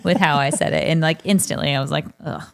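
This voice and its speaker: A woman in her thirties with a low, gravelly voice talks fast as she co-hosts a parenting podcast. She tells a family story in a chatty, casual way, laughing often.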